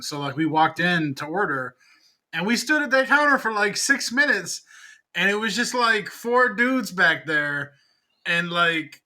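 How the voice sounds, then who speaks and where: Bright-voiced rambling young man. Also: high-pitched, poor audio. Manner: rambling, lots of "like", profane. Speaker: podcast co-host. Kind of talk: casual chat.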